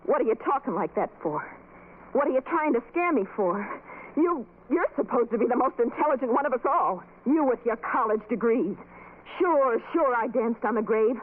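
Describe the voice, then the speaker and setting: An actress playing a frightened young woman in a 1940s radio drama, pleading and quick to snap. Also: a little high, expressive. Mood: anxious. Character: frightened young woman trying to stay brave. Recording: tinny lo-fi old radio recording with hiss.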